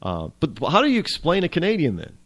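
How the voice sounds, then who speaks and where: A man's voice: fairly high pitch, huge pitch swings, quick pace, fairly bright tone. A man hosting a talk radio show, rambling and wry, with frequent restarts as he muses aloud. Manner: rambling, wry, self-interrupting. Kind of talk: casual talk radio monologue.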